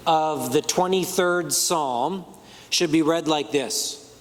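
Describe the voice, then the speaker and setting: A male pastor preaching a sermon, measured and deliberate, shifting his emphasis on words for effect. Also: fairly high pitch, a little hiss or hum. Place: church sanctuary. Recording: long church hall reverb.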